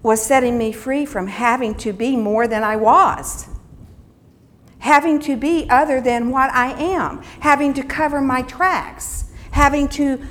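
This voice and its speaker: A woman's voice: high voice, measured pace. Earnest woman giving a sermon. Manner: earnest, storytelling, soft and reflective in places. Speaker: teacher giving a devotional talk.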